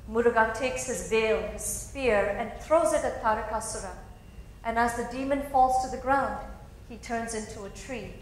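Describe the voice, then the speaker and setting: A woman's voice: fairly high pitch, normal speed, a little hiss or hum. A woman narrating a story expressively, in a dramatic storytelling style. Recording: very echoey hall.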